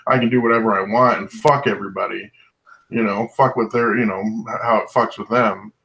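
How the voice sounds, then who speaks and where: A man's voice: lowish voice, steady tone, fairly quick, vocal fry, sharp tone, poor audio. A man in casual podcast chat, mostly agreeing with the others and swearing casually.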